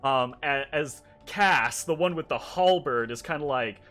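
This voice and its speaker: A man running a tabletop game who talks slowly, stopping often with ums and likes as he builds the scene. His voice sits in a middle pitch, and soft music plays under him. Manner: halting, full of "like" and "um". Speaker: game master.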